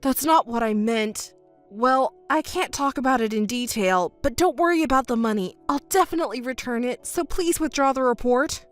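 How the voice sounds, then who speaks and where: A woman's voice: high-pitched, moderate pace, soft background music, natural voice. A woman doing a pleading, cheating husband. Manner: pleading, defensive, stammering when cornered. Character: cheating, embezzling husband, adult man. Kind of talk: scripted texting-story reading.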